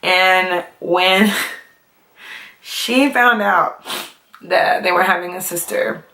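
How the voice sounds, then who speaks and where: A woman's voice: on the low side, drawn-out words, vocal fry, sharp tone. A young adult woman chatting casually to camera as a vlogger, full of fillers and laughs. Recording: echoey room.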